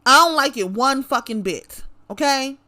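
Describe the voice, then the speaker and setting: High, bright-voiced woman ranting. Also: expressive, moderate pace. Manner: profane, confrontational, repeats phrases for emphasis. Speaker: vlogger. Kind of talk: direct-to-camera rant.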